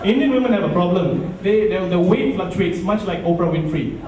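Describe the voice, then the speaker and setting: A Malaysian man works a club crowd with stand-up comedy on a nightclub stage. His high voice is animated, fairly quick, and punchy, often dropping into low asides. He's heard from far across a very echoey room over a noisy crowd hum.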